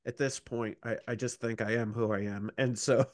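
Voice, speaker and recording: A man's voice: medium pitch, fairly even intonation, moderate pace, dry recording, studio quality. A man co-hosting a casual gaming podcast, rambling and self-deprecating with lots of fillers. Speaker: podcast co-host.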